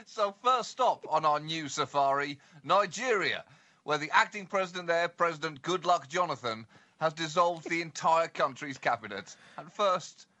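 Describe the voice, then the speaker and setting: A man's voice: fairly high pitch, lively intonation, normal speed, sharp tone. A man co-hosting a satirical comedy chat, mock-earnest as he spins absurd riffs. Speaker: podcast co-host.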